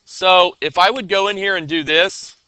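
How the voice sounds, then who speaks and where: A man's voice: sits high, steady tone, moderate pace, bright, forceful tone, clean tone. A man teaching a classroom coding lesson, talking casually and often checking that his students are following.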